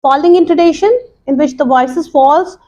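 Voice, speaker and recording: A woman English teacher explaining a lesson to students, slowly and deliberately, with many pauses and repeats. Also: high voice, warm tone, lo-fi sound. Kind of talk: recorded classroom lesson.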